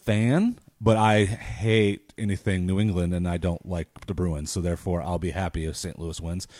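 A man's voice: deep voice, fairly even intonation, normal speed, darkish tone, no echo, clean studio sound. A man from rural Michigan hosting a casual sports chat show, joking and moving the segments along. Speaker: podcast host.

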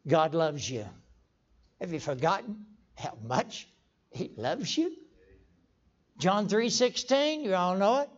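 Folksy older preacher, stammering. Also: male voice, sits high, animated, slow, long pauses. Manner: folksy storytelling, stammering restarts, sudden emphatic outbursts. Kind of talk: folksy sermon. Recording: dull lo-fi sermon recording.

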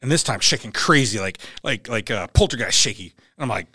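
A man's voice: medium pitch, lively intonation, a little fast, bright, forceful tone, no room sound, clean studio sound. A man, a podcast guest, telling a vivid, profane story and acting out the voices in it. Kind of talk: animated storytelling.

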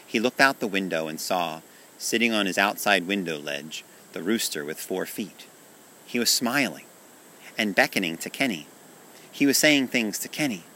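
A man reading a children's story aloud in a calm, gentle, measured way. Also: sits low, a little hiss or hum.

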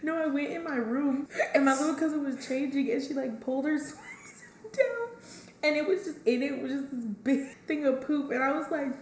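A woman's voice: high-pitched, very animated, normal speed. A young woman co-hosting a podcast, telling childhood stories in a giggly, slangy way. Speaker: podcast co-host. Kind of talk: casual chat. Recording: echoey room with faint background noise.

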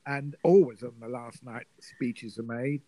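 An older man, a guest telling a lively showbiz anecdote and acting out the voices in it. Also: mid-range voice, a little slow, dry recording, rough recording. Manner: lively, acts out the voices in his stories. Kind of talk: storytelling anecdote.

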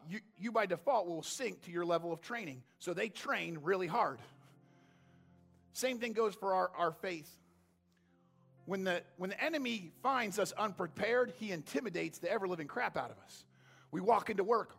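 A man preaching a sermon in a conversational way, acting out characters from the story and building to loud, intense passages. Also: high-pitched, moderate pace, gravelly, slightly rough, soft background music. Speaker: pastor.

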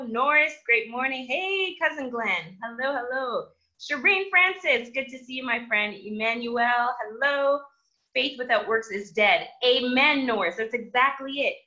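A woman with a high, bright voice hosts a live motivational stream. She talks emphatically and hammers key words through repetition. The audio is dull and lo-fi. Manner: emphatic, repeats words for force. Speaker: host of a live motivational show.

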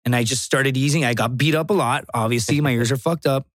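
A man's voice: mid-range voice, fast, no room sound, clean studio sound. A man, a stand-up comedian and podcast guest, telling stories in casual chat with swearing and acted-out voices. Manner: animated storytelling, profane, acts out voices.

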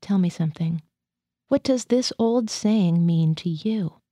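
Uma mulher fazendo um psiquiatra militar cético e inquisidor. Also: female voice, on the low side, unhurried, mellow, no room sound, clean studio sound. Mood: questioning. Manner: probing, dryly questioning. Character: skeptical male military psychiatrist.

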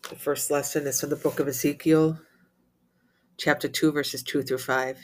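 Male prayer reader, flat even delivery, steady liturgical recitation of psalms and readings. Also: fairly high pitch, normal speed. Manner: steady chanting recitation with slips and restarts. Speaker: prayer leader.

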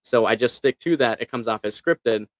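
A man explains how he keeps sales talks natural. His voice sits at a middle pitch, and he explains things step by step in a relaxed way. The sound is dry and close. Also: moderate pace, dry recording. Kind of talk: casual chat.

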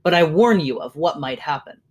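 A reader voicing a weary old male soldier who speaks slowly and solemnly. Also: medium pitch, animated, close to an everyday voice. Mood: grave. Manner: slow, solemn warnings.

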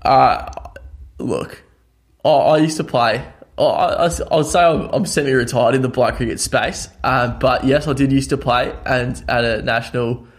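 A man's voice: medium pitch, fairly even intonation, moderate pace. A young Australian man co-hosting a sports podcast, joking in a laid-back, bantering way. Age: young adult. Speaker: podcast co-host. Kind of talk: casual sports chat.

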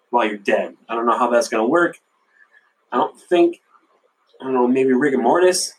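A man's voice: medium pitch, husky, low-quality recording. A man hosting a solo podcast with a runny nose, rambling casually, swearing a lot and laughing at himself. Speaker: podcast host.

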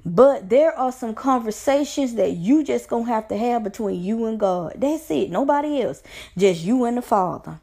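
A woman with a somewhat high voice and a gravelly fry speaks straight to her listeners. She encourages them earnestly, like a preacher, and repeats phrases for emphasis. She talks like a life coach giving a motivational talk. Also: animated, moderate pace, warm tone. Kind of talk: motivational faith talk to camera.

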